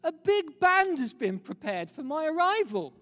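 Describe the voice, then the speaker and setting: A man's voice: extremely high pitch, big pitch swings, normal speed, fairly bright tone, pitched above the performer's own voice, exaggerated voice. A man voicing an elderly male missionary in his eighties, humble and lonely, speaking with wondering delight and then pleading. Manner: wondering, breathless delight turning to plea. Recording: reverberant hall, faint music.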